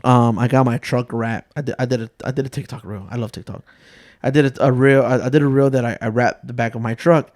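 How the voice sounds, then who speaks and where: A man's voice: medium pitch, steady tone, quick pace, darkish tone, dry recording, clean studio sound. A man in his thirties hosting a casual podcast chat, joking and telling family stories, swearing freely. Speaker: podcast host.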